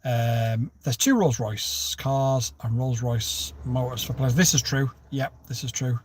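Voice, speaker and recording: A man's voice: medium pitch, measured pace, darkish tone, slight background noise. A man hosting a casual livestream, chatting and joking as he answers viewers' comments. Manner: chatty, jokey, jumps between topics and greets viewers by name. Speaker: livestream host.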